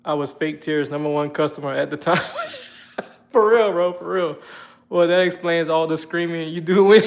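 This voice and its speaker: A man's voice: on the high side, fairly even intonation, fairly quick. Joking man streaming from an echoey garage. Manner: joking storyteller, talks to chat, slangy. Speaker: livestream host. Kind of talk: casual live chat while working. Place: garage workshop.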